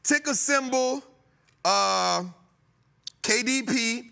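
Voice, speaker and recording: His voice is very high-pitched, creaky, clear, and resonant, with drawn-out words. This male host covers stocks loosely and comically, animated and joking, laughing often as he teases his crew.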